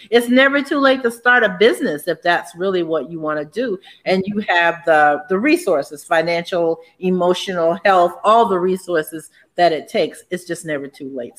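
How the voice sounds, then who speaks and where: A woman's voice: lowish voice, fairly bright tone. Older woman podcast host, chatty storyteller. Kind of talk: casual chat.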